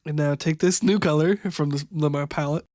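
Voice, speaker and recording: A young man improvising a makeup tutorial voiceover, halting and stumbling over product names, wryly amused by what he sees. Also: on the high side, fairly even intonation, darkish tone, dry recording. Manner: wry, amused at the footage. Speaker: voiceover narrator.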